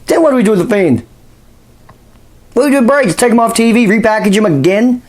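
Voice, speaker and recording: A man's voice: high voice, lively intonation, fast talker, a little mellow. A man hosting a wrestling channel, ranting in a casual, exasperated and profane way with bursts of sarcasm. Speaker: wrestling commentary host.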